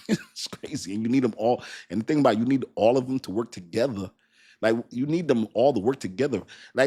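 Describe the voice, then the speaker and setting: A young man hosting a casual crypto livestream, reading viewer comments aloud in a lively, colloquial way and laughing often. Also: medium pitch, brisk, breathy edge.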